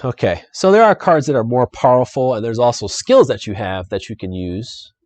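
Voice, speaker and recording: A man's voice: medium pitch, lively intonation, moderate pace, darkish tone, no echo. A young adult man streaming a solo board game live, chatty and upbeat as he talks to viewers and reads the adventure text. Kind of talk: casual live-stream playthrough commentary.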